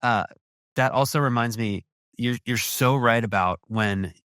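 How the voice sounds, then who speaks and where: A man's voice: medium pitch, unhurried, a bit bright, clean tone, no room sound, clean studio sound. A man hosting a podcast interview, talking in an enthusiastic, effusive way with lots of restarts. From USA. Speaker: podcast host. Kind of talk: casual interview chat.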